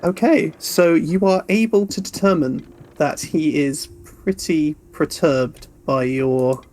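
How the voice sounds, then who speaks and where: A man narrating as game master of a tabletop role-playing game, unhurried and with frequent fillers. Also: fairly high pitch, darkish tone, soft background music.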